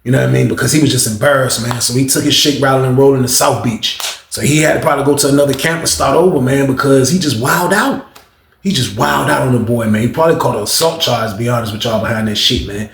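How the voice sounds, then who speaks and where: A man's voice: mid-range voice, fast, vocal fry, slight background noise. A man casually telling a slangy, repetitive story about prison life, in a roomy echo. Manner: slangy, repetitive, animated retelling.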